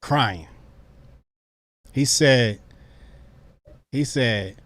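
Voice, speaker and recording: A man's voice: medium pitch, huge pitch swings, takes it slowly, pauses often, a bit bright, no echo. A man co-hosting a podcast who agrees with his partner and recounts events in casual slang. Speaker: podcast co-host.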